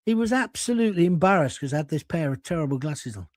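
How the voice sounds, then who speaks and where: High-voiced older man, dry sound. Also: lively intonation, fast, dry recording. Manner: jokey, rambling storyteller with self-mocking asides. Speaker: host of a live political chat show. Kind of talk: live-stream chat, anecdotes and reading viewer comments.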